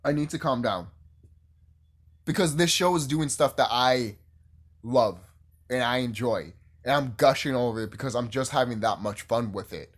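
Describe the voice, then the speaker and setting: A man casually reviewing a TV show on his channel, excitable and profane, rambling and gushing. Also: mid-range voice, normal speed. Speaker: YouTube reviewer.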